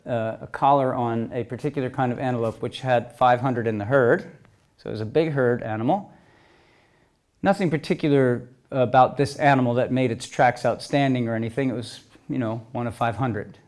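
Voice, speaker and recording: A middle-aged man telling a story at a talk, lively, moving between loud and soft passages. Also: medium pitch. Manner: lively storyteller, swings loud and soft, acts out quoted voices. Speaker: speaker telling stories at a talk.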